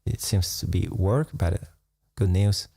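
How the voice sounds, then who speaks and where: Low gravelly man, musing meditation talk. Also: no room sound, studio quality. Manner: unhurried, musing, laughs softly between thoughts. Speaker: meditation teacher. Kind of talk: reflective live-stream talk.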